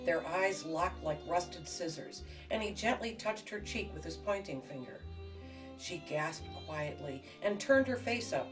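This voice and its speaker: Low-voiced woman hosting a cooking show. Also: a little slow. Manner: deadpan, tongue-in-cheek. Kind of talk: mock-dramatic romance narration and cooking demonstration. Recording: distant mic with music behind.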